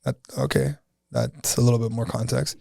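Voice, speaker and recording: A man's voice: mid-range voice, very animated, moderate pace, vocal fry, dark tone, dry recording, studio quality. A man co-hosting a podcast in casual chat, easygoing and stammering into his points. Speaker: podcast co-host.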